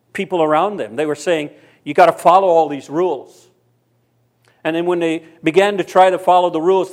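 A man's voice: fairly high pitch, darkish tone. Man preaching a storytelling sermon. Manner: storytelling, voicing characters in quotes. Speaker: pastor.

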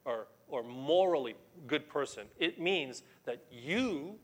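A man's voice: on the high side, lively intonation, slow pace. A middle-aged man preaching a sermon as pastor, emphatic and conversational, explaining scripture to his congregation.

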